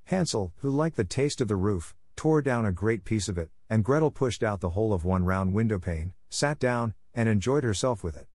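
A man narrating a fairy tale in a steady, measured storybook reading. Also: on the low side, no room sound, studio quality.

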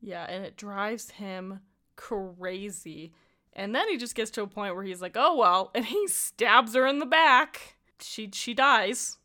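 A woman co-hosts a casual podcast chat, recapping a film with plenty of laughter and acted-out lines. She's animated, with a medium-pitched voice and an unhurried pace.

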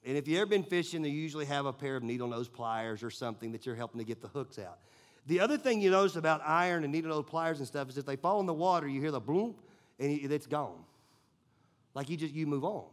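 A man with a notably high speaking voice delivers a sermon. He talks loosely and conversationally, full of "like" and restarts, as if chatting with friends while preaching. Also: animated, fast. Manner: casual, conversational storytelling with many fillers. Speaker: pastor.

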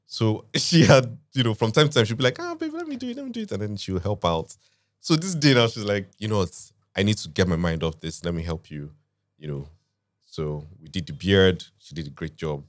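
Man, 30s, podcast co-host, lively low voice, dry recording. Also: normal speed, no room sound. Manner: animated, laughing, acts out quotes. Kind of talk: casual storytelling chat.

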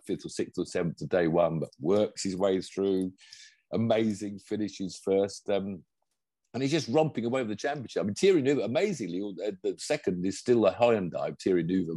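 On a podcast, an older co-host and pundit talks in an eager, rambling casual chat, often starting his sentences over. He speaks briskly and expressively in a lowish, mellow voice with a breathy edge, and there's no echo.

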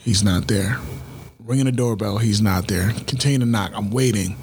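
A man in his thirties telling a personal story in casual talk, animated and acting out the dialogue he quotes. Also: lowish voice, moderate pace, a little hiss or hum.

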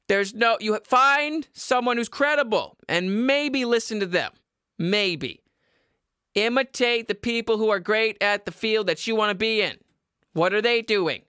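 Male comedy podcast host, loud, profane, sarcastic ranter; bright edgy voice, dead-dry recording. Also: measured pace, clean tone, no room sound. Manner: loud, high-energy, shouty and profane; sarcastic, self-mocking. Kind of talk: ranting comedy podcast monologue.

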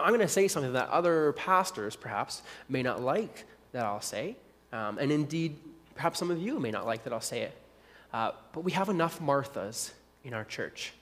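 Conversational male pastor in an echoey hall. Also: mid-range voice. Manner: conversational, repetitive emphasis. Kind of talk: sermon.

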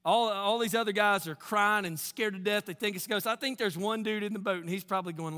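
Animated male pastor in an echoing hall. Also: sits high, a little fast, hardly any pauses. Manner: animated, swings from loud to hushed, acts out quotes. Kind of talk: sermon.

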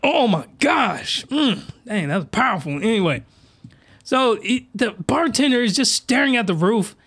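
A man hosting a comedy podcast, talking in an animated, incredulous, slangy way. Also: very high voice, measured pace, vocal fry, breathy edge. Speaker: podcast host.

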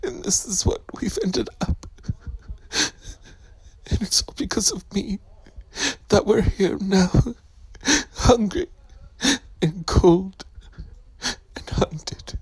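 A woman's voice: mid-range voice, slow, pauses often, a little mellow, no echo, voice pushed up, rough recording. A woman in a parked car voicing a terrified, tearful young woman lost in the woods, in a whispered role-play recorded on a phone. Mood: tearful, frightened. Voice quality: breathy, whispering, sobbing.

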